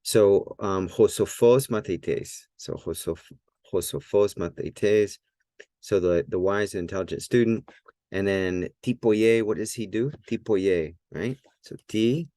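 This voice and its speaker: A man teaching a Greek lesson at a whiteboard, relaxed and thinking aloud, with many fillers and restarts. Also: lowish voice, unhurried, dry recording.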